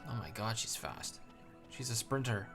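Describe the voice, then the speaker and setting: A man giving quiet, amused asides while playing through a game. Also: fairly low pitch, expressive, normal speed, music in the background. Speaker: gamer. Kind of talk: playthrough commentary.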